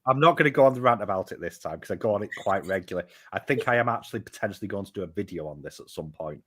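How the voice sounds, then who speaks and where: A man's voice: fairly low pitch, lively intonation, rapid-fire, a bit bright. A man chatting as a guest, wry and joking, rambling a little. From United Kingdom. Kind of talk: casual chat.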